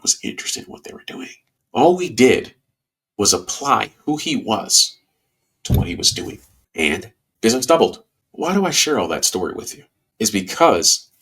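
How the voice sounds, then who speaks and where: A man hosting a podcast in a casual monologue, with a stuffy nose, talking in a folksy way with bursts of excitement. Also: low voice, breathy edge. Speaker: podcast host.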